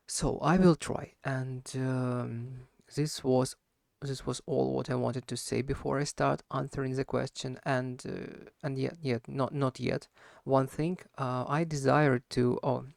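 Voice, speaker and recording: A man's voice: medium pitch, gravelly, darkish tone, no echo, studio quality. A man who is not a native English speaker, talking through a solo speaking practice with a slight harsh wheeze and lots of fillers and self-corrections. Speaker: language learner.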